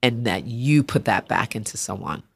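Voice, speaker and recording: A woman's voice: very deep voice, moderate pace, gravelly, breathy edge. A woman artist, a podcast guest, telling stories in conversation and acting out the voices of people she quotes. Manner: animated storyteller, acts out quoted voices. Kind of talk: interview conversation.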